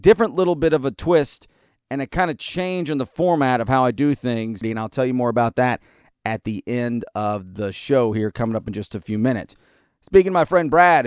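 A man's voice: medium pitch, clear, resonant tone, no room sound, studio quality. A man hosting a podcast, delivering a blunt, sarcastic talk-radio monologue. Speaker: podcast host.

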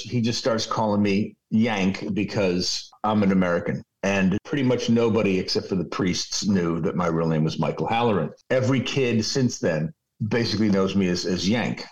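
Low-voiced storytelling man in his sixties. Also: low-quality recording. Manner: rambling, profane anecdotes. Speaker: radio program director guest. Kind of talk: storytelling interview. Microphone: video call.

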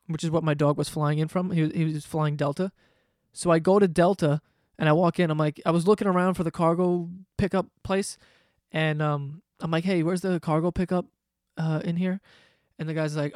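A young man hosting a podcast, telling a rambling story in an animated, profane, casual way. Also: a little high, dry recording, clean studio sound. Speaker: podcast host.

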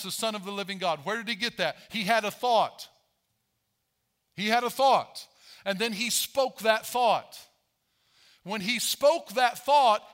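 A man preaching a sermon as pastor, animated, acting out Bible voices as he tells the story. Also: sits high.

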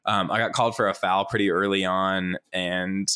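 A young man telling a long story in casual chat, full of "like" fillers, laughing often and jumping up in pitch to mimic people. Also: normal speed, smooth. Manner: animated, mimics others in higher voice.

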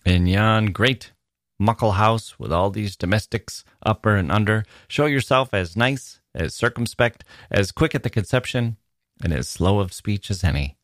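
A man's voice: on the low side, fairly bright tone, dry recording, lightly acted. A man doing a solemn old minister. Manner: solemn, deliberate advising. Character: elderly Scottish country minister, earnest, kindly.

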